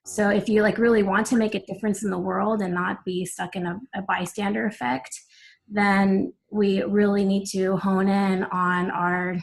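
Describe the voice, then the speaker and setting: An earnest woman speaks on a group video call, her voice running gravelly with fry. She reflects aloud and leans on "like" as she works through her ideas. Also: medium pitch, level tone, moderate pace, rough recording. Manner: earnest, many fillers like "like". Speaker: call participant. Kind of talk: casual reflective sharing.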